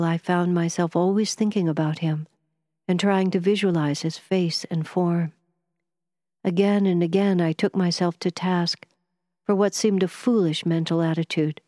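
Reading a novel in the first person, a woman audiobook narrator tells the story in a measured, even way. Her pitch is fairly low, and the studio sound is clean with no room sound.

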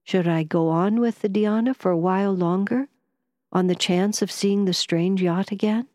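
A woman narrating a novel in the first person, reading in a measured, even storytelling manner. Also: mid-range voice, dry recording, studio quality. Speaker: audiobook narrator.

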